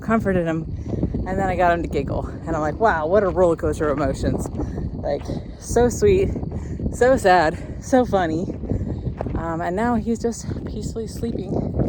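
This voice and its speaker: A woman's voice: mid-range voice, very noisy. A young woman chatting casually in a walking vlog on an outdoor hiking trail. She talks in an upbeat, rambling way and is slightly out of breath from carrying a load. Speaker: vlogger.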